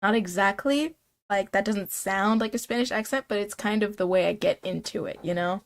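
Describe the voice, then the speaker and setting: A woman live streamer chatting with her viewers in a loose, playful way. She rambles from one thought to the next and fills her talk with "like" and "dude". Her voice sits at an average pitch. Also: steady tone, moderate pace. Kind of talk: casual live-stream chat.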